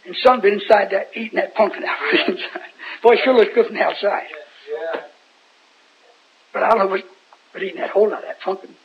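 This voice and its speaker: A man with a very high voice preaches a loose, rambling Bible sermon in a folksy way. He keeps stopping to put questions to the people listening. The sound is dull and lo-fi. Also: fairly even intonation, fairly quick, gravelly, long pauses. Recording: dull lo-fi recording.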